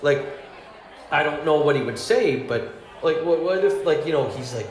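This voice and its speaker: A man's voice: medium pitch, unhurried. A man doing a meandering, self-deprecating stand-up routine, chuckling at his own jokes as he rambles. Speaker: stand-up comedian. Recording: echoey room with faint hum.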